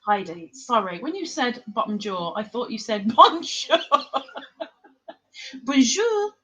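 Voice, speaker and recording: A woman's voice: mid-range voice, lively intonation, moderate pace, fairly bright tone. An English woman with a non-London English accent, hosting a crochet livestream and chatting casually with viewers by name, laughing often. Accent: English, not London. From England. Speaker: crochet livestream host reading chat. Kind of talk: casual live chat.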